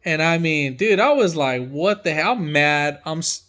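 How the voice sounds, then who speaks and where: A man's voice: a little high, animated, moderate pace, bright, forceful tone. A man who works as a mechanic from home, telling a story in casual chat and acting out his own reactions with energy.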